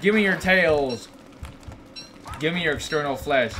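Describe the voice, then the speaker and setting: A man streaming gameplay, chatting casually with goofy, teasing banter and sudden excited outbursts. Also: on the high side, measured pace, long pauses. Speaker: game streamer.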